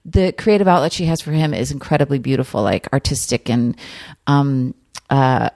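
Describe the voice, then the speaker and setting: A woman from New Jersey, an actress and podcast guest, telling stories in a lively, laughing way. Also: very deep voice, moderate pace, no echo, studio quality. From New Jersey, USA. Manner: animated, laughing storyteller. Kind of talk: casual interview chat.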